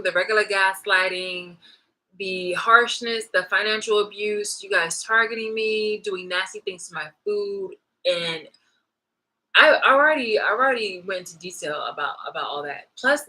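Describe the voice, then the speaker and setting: A woman's voice: medium pitch, moderate pace, sharp tone, rough recording. A woman vlogging in a heated, profane monologue rant, restarting and repeating her phrases as she talks.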